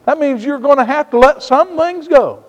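A man from Indiana preaching a sermon as pastor, swinging from hushed, low passages to loud, slow, emphatic ones. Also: muffled recording. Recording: long reverb of a large hall.

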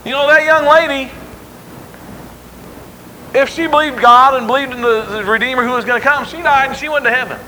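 A man's voice: extremely high pitch, brisk, long pauses, bright, forceful tone, a little hiss or hum, poor audio. A man preaching a sermon in an emphatic, conversational way, acting out the quotes he tells.

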